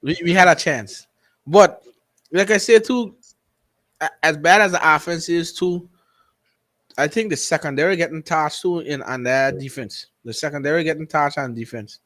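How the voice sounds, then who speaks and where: A man's voice: on the high side, normal speed, fairly bright tone. A man co-hosting a casual football talk stream, rattling off player names and stats. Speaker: co-host.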